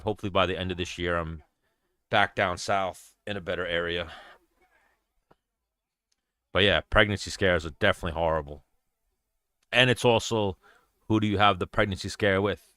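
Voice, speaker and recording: A young man hosting a casual stream, with a low, smooth, resonant voice that stays bright and crisp. He talks bluntly, swears freely and rambles, close to the mic in a dry room. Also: dry recording. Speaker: show host. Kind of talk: casual livestream chat.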